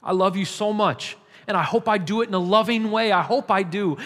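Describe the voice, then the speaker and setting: A man's voice: sits high, brisk, hardly any pauses, fairly bright tone. A man pastor preaching a sermon in a church, emphatic and repetitive, building in intensity. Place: church sanctuary. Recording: long hall reverb.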